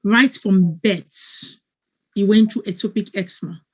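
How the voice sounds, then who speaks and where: A woman's voice: mid-range voice, a little slow, a little mellow, breathy edge. A woman, a wellness coach giving an earnest, emotional testimonial on a video call and often checking that listeners follow.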